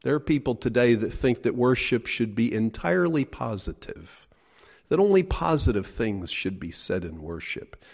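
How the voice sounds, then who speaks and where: Lively, folksy preaching man. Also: mid-range voice, normal speed, creaky, slightly rough. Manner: folksy, emphatic preaching with rhetorical questions. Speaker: pastor. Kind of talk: sermon.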